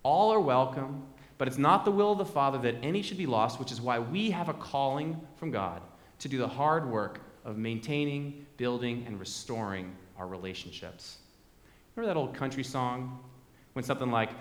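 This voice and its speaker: A man's voice: mid-range voice, animated, normal speed. A man preaching a sermon as pastor, conversational and fond of repeated refrains, in a large church sanctuary. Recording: echoey hall with long reverb.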